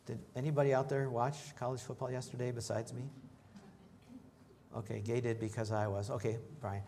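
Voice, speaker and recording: A man delivering a church sermon at an ordinary mid pitch. His manner is easygoing and chatty, with jokes and questions tossed to the congregation. He lifts his voice and gets louder whenever he reads scripture. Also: flat delivery, normal speed, vocal fry, a little hiss or hum. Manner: conversational, joking with the congregation; rises in pitch and volume when reading scripture. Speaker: preacher.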